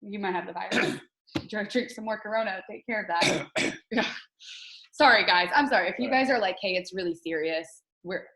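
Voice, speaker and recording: A chatty, candid woman hosts a casual team video call, with a voice of middling pitch. She laughs easily as she talks. The sound bounces around a roomy, echoey space. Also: normal speed, a bit bright. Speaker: team coach host.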